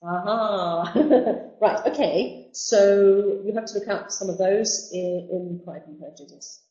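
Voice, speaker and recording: A woman's voice: medium pitch, animated, measured pace, mellow. A woman teacher explaining a novel to students, with chatty asides and restarts. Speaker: literature teacher. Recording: dull roomy sound.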